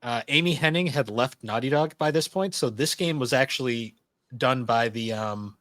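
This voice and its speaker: A male podcast host who walks through the games point by point in a steady, even way. The recording is dry, with no room sound around him. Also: mid-range voice, normal speed, dry recording. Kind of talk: casual podcast chat.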